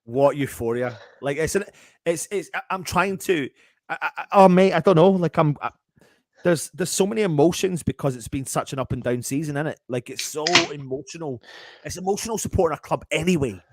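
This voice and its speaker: A man hosting a live fan chat, excitable and stumbling over his words, swearing freely. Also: on the high side, brisk, no echo, clean studio sound. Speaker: fan channel host.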